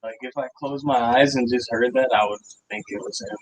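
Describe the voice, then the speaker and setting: A man's voice: mid-range voice, steady tone, fairly quick, over a noisy crowd. A man co-hosting a podcast in laid-back casual chat, laughing easily and retelling jokes. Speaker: podcast co-host. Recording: noisy background.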